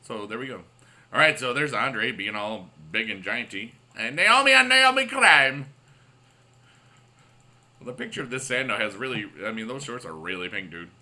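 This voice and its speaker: Man, gaming channel host, bright tense voice, rambling upbeat late-night commentary full of fillers. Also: on the low side, fairly quick. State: up late on caffeine. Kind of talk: casual gameplay commentary.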